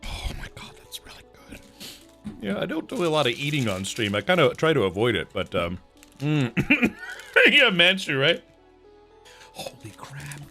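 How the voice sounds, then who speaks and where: Animated, lively-voiced streamer man. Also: fairly high pitch, moderate pace, soft background music. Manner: animated, laughing, savoring food aloud with mouth-full murmurs. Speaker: live streamer. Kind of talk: casual live-stream chat.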